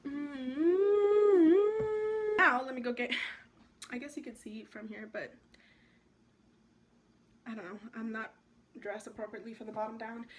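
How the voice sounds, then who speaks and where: A young woman vlogging at home, chatting excitedly and rambling through a makeup tutorial with lots of likes and ums. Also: a little high.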